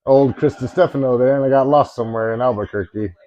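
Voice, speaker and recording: A man's voice: medium pitch, fast, darkish tone, highs cut off. A man giving casual, rambling watch-along commentary with self-mocking asides.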